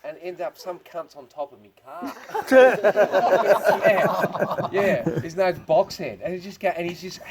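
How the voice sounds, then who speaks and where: A male stand-up comedian with an Australian accent and a high, animated voice tells crude jokes and swearing stories at a slow pace to a small crowd at a farm party. His manner is laid-back, and the crowd can be heard laughing behind him.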